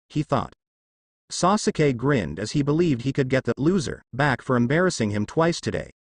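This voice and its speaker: A man narrating a fan fiction story in a steady storytelling way. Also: medium pitch, normal speed, no room sound, clean studio sound.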